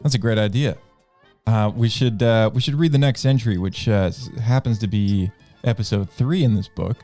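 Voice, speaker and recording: Mellow-voiced man hosting a podcast. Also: fairly low pitch, normal speed, faint music behind. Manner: hesitant, many uh fillers. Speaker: podcast host. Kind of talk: casual podcast chat.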